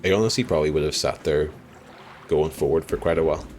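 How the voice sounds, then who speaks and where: A man's voice: a bass voice, fast talker, darkish tone, slight background noise. A young Irish man streaming a game live, chatting with viewers as he plays, laughing often and apologizing easily. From Ireland.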